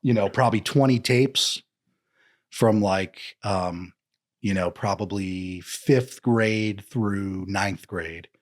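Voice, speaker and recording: A man's voice: on the low side, slow pace. A man chatting as a podcast guest, joking and slipping into comic voices. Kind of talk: casual podcast chat.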